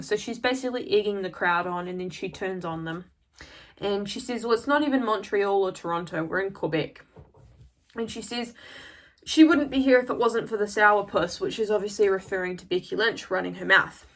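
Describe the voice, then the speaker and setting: A woman talking casually in a vlog, recapping a wrestling episode in a chatty, gushing way and often repeating her words. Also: mid-range voice. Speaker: wrestling show reviewer.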